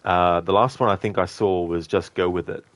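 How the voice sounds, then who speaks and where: A man's voice: low-pitched, steady tone, normal speed, dry recording. A man streaming a video game, answering chat in a chatty, rambling way with fillers. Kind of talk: casual gaming commentary.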